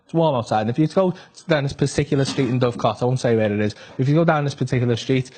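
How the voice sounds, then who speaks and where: A man with a Northern English accent doing stand-up storytelling, animated and sweary, full of conversational asides. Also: medium pitch, very fast. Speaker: stand-up comedian.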